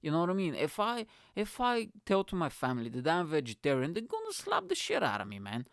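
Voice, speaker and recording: Animated, profane ranting man. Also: a little high, a little fast, creaky, dry recording, clean studio sound. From Bulgaria. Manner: animated, profane, lots of filler phrases. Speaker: podcast host. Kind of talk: comic ranting monologue.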